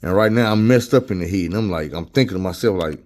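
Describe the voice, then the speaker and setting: Man, low voice, casual storytelling, slangy and profane, acts out quotes. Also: expressive, fast talker, a little mellow.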